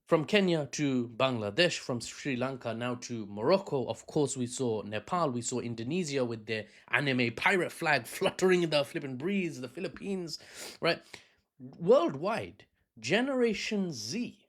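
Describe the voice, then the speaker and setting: Man, British accent, news commentary vlog, lively swooping pitch, rambling asides, mid pitch. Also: moderate pace. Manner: chatty, rambling asides, self-correcting. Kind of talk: unscripted news analysis vlog.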